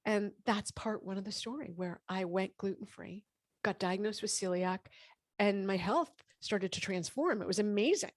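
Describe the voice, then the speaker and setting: Animated woman in her fifties, dry close sound. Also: mid-range voice, moderate pace, dry recording. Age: 50s. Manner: animated, acts out quoted dialogue. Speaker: podcast guest, gynecologist. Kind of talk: casual interview storytelling.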